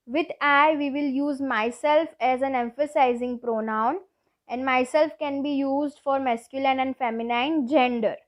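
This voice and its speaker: A woman teacher giving a grammar lesson to schoolchildren, explaining each rule slowly and patiently, with lots of repetition. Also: high voice. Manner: slow, deliberate, repeats each rule patiently.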